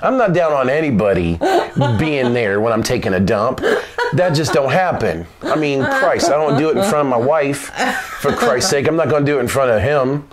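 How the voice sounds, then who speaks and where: A man hosting his own show, telling a funny story in an animated, loose way, laughing often and swearing casually. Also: mid-range voice, moderate pace, a loud crowd. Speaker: vlog host. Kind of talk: comic storytelling.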